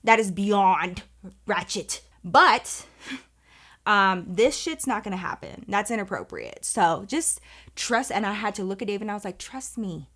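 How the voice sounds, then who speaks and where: A woman vlogger telling a dramatic personal story in casual, profane, animated speech. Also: medium pitch, measured pace. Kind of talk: storytime vlog, casual chat.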